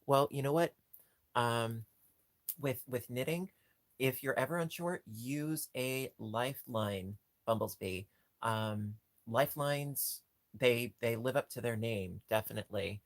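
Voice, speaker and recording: A man chats casually as a livestream host in a mid-range voice, rambling along with restarts and ums. He keeps gushing and breaking into squeaky high squeals. The sound is dry and close, with no room echo. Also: unhurried. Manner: gushing, jumps to squeaky high pitch on cute things.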